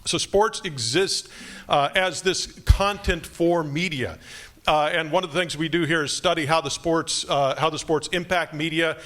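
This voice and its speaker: Man, professor, fast joking delivery, slightly high voice, auditorium talk. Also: a bit bright. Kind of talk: lecture to incoming students.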